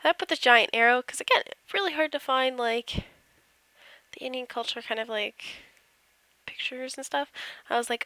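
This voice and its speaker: A woman's voice: a little high, sing-song, normal speed, gravelly, long pauses, sharp tone, dry recording. A woman casually narrating over her game build, rambling and self-deprecating, yawning as she goes. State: tired, yawning.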